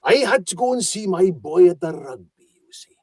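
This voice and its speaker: A man's voice: sits high, expressive, moderate pace, husky, no echo, studio quality, pitched above the performer's own voice. A man putting on a South Welsh accent to voice a courteous, apologetic male solicitor with a lilting way of speaking.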